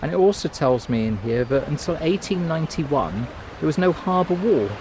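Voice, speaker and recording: A man's voice: fairly high pitch, animated, normal speed, a little mellow, a little hiss or hum, poor audio. A man co-hosting a walking vlog, reading plaques aloud and teasing his companion. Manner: dry, teasing. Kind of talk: casual chat, reading signs aloud. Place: outdoors on a coastal walk.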